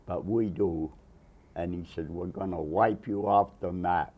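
An older man, a Navy veteran, telling an oral history story with animated quoted voices. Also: deep voice, a little slow, husky.

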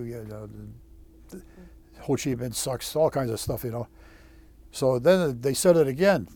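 Older-sounding ex marine guy telling his war story, lots of uh and restarts, swears, warm low tone. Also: gravelly, husky. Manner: halting, with frequent "uh" and restarts; blunt, swears freely. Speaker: veteran interviewee. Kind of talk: oral history storytelling.

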